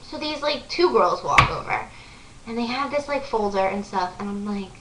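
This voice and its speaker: A woman's voice: mid-range voice, expressive, normal speed, recorded from a distance. Young woman, vlogger, gushing storytelling, filler-heavy, echoey room, faint background hum. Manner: breathless, gushing, lots of "like" fillers. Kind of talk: excited storytelling to camera.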